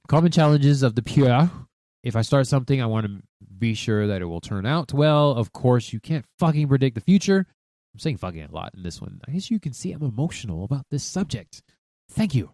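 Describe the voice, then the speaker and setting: Profane, animated male podcast host. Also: medium pitch, moderate pace, no room sound, clean studio sound. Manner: profane, emphatic, animated, talks to himself. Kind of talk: solo podcast monologue.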